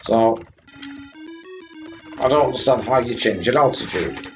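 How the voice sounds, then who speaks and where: A man's voice: mid-range voice, measured pace, creaky, pauses often, soft background music. A man live-streaming retro computer games, chatting to viewers and fighting off a coughing fit. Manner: chatty, greets chat viewers by name. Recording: dull lo-fi stream audio with faint hum.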